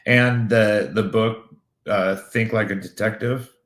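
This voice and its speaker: Male co-host, dry deadpan delivery, low voice, roomy echo. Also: slow. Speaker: co-host of a livestream talk show. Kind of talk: casual livestream chat.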